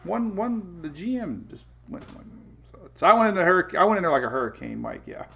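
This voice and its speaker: A man hosting a weather show, chatting casually and telling an animated story with many restarts and laughs. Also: high-pitched, a little fast, vocal fry, breathy edge. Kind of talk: casual livestream chat.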